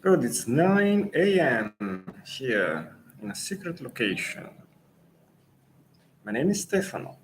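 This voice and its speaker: A man with an Italian accent, a native Italian speaker coaching Italian in a live Q&A lesson, pausing thoughtfully and restarting phrases. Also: mid-range voice, big pitch swings, slight background noise, low-quality recording.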